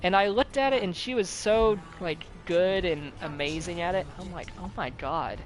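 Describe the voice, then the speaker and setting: A young man chatting casually while gaming, telling animated stories with a lot of swearing and acted-out quotes. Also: high voice, moderate pace, poor audio. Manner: animated storyteller, swears often, acts out quotes. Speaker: host. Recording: game music playing loudly behind.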